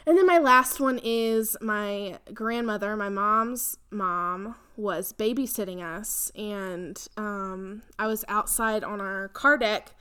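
A woman's voice: medium pitch, slow, hardly any pauses, fairly bright tone, clean tone. A young woman, co-hosting a podcast in casual chat, rambling with lots of fillers and frequent laughter. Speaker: podcast co-host.

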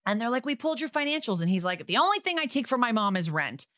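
A woman co-hosting a podcast, recapping a TV episode in casual chat with sarcastic, quick asides. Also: on the high side, sing-song, a bit bright, dry recording, clean studio sound.

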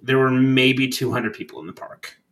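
A young man chats on a podcast about a trip. He rambles and fills his pauses, curses freely, and keeps an easygoing tone. His voice sits at an ordinary middle pitch. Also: a bit bright, rough recording. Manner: rambling, profane, laid-back storytelling with frequent fillers. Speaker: podcast co-host. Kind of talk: casual chat.

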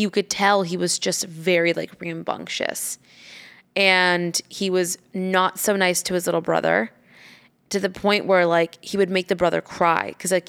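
A mother telling a story in casual chat, animated, swearing freely and acting out what she said. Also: lowish voice, gravelly. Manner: animated, swears freely, acts out quoted lines.

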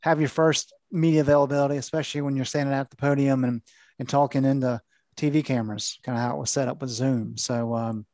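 A man, a veteran sports reporter, explaining things in a measured, rambling way. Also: mid-range voice, fairly even intonation, a little mellow, dry recording. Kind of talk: casual sports analysis.

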